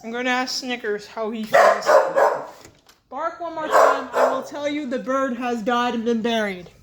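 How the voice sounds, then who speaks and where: A woman hosting a casual vlog, soft-spoken and wandering in her talk, chatting to her pets along the way. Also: on the high side, measured pace, heavy background noise. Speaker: channel host. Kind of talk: rambling casual vlog chat.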